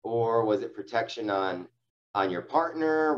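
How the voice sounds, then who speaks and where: A sales team leader with a lowish voice coaches his agents on phone sales at a normal pace, casual and encouraging. His talk is full of fillers and restarts, and the audio sounds dull.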